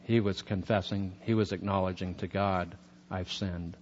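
A man's voice: sits low, steady tone, moderate pace, a little mellow, lo-fi sound, a little hiss or hum. A man teaching a sermon on scripture in a chatty, conversational way, with many fillers. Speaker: preacher.

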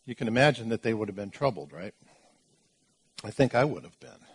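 A man's voice: on the low side, animated, fairly quick, slightly rough. A man preaching a sermon, teaching through Bible verses in an emphatic way, with asides and restarts as he explains.

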